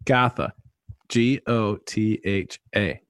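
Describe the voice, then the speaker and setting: A man's voice: on the low side, slow pace, no room sound, studio quality. A man co-hosting a podcast, reading out a dictionary entry and joking around. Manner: playful, jokey reading aloud. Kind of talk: casual podcast banter.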